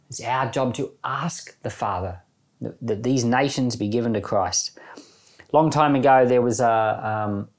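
A man who is a church pastor, reading scripture aloud and then explaining it in an earnest, unhurried way with light chuckles. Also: mid-range voice. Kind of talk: scripture reading and informal Bible commentary.

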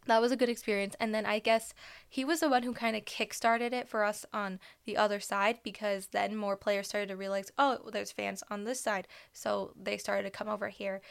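A young woman hosts her own podcast and tells a personal story in a casual, rambling way. Her voice is smooth and clear, with a gravelly fry at the ends of phrases. She talks excitably and fills her sentences with "like" and "um.". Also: mid-range voice. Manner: chatty, excitable, many fillers. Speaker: podcast host.

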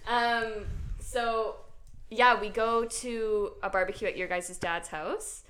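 Young female co-host, relaxed and chatty, slightly high voice. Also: takes it slowly, clear, resonant tone. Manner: relaxed, many yeahs and ums. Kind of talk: casual chat.

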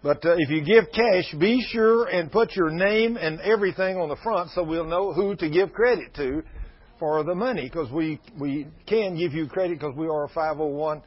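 This is a sermon from a man in his sixties whose husky voice sits a little high. Folksy and emphatic before the congregation, he slides into fervent prayer, and the lo-fi recording sounds dull.

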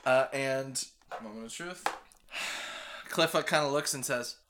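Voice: medium pitch, slow, crowd noise. A game master narrating a tabletop game, loose and laughing, with plenty of fillers.

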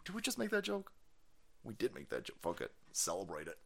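A man's voice: on the low side, wildly swooping pitch, brisk, gravelly, very noisy. A man hosting a livestream, ranting in profane political commentary with a mocking, sarcastic manner and frequent laughter. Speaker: livestream host.

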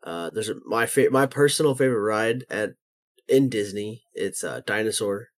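A man's voice: fairly low pitch, lively intonation, moderate pace. Earnest young man explaining things. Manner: earnest, explains at length with many fillers. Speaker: podcast co-host. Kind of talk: casual chat.

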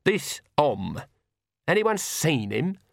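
A man's voice: a little high, very animated, slow, creaky, dry recording, studio quality, voice pushed up, heavily acted. A man voicing a stern, fierce old woman witch in an audiobook, with blunt, preaching rural speech. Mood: scornful. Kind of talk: audiobook character voice.

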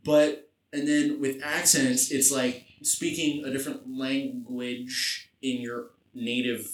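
A man's voice: medium pitch, level tone, slow pace, reverberant, distant mic. A young man co-hosting a casual podcast from a garage, joking, crude and laughing often. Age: young adult. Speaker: podcast co-host.

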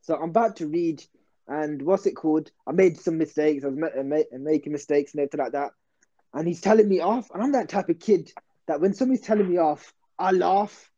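A man's voice: fairly high pitch, brisk, warm tone, highs cut off. A young man telling a rambling, slangy story on a casual podcast. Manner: rambling, slangy, self-interrupting. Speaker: podcast host.

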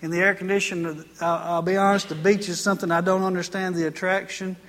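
A man's voice: high-pitched, little pitch movement, fast, a bit bright, in a large hall. A male pastor preaching a sermon in a folksy, chatty storytelling way, full of asides.

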